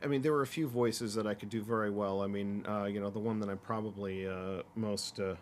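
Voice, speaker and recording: A man's voice: on the low side, steady tone, a little fast, a little hiss or hum. A man co-hosting a podcast, talking casually and rambling with lots of fillers and restarts. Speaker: podcast co-host. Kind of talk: casual chat.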